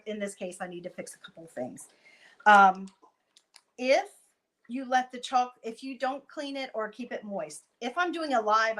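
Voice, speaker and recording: A woman giving a chatty live-stream craft tutorial, talking viewers through each step while she works and breaking off for quick asides. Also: medium pitch, fairly bright tone, poor audio. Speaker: craft demonstrator.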